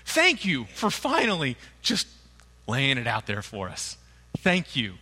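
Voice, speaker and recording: A man's voice: medium pitch, huge pitch swings, a little slow, sharp tone, husky, exaggerated voice. A man preaching acts out the disciples, gushing and celebrating with relief. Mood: elated. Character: overjoyed, relieved male disciples. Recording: long hall reverb.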